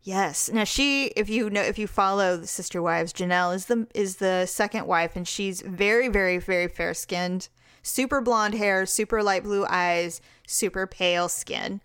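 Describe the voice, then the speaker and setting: Chatty woman with a smooth, dry voice. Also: medium pitch, moderate pace, dry recording. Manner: chatty, sarcastic, animated storytelling. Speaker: podcast co-host. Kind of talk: casual celebrity gossip chat.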